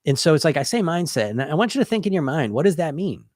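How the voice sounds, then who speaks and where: A man's voice: on the high side, very animated, fast, a little mellow, no echo. A man hosting a weight-loss podcast, talking casually and with energy, often restarting and repeating words. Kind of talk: casual monologue.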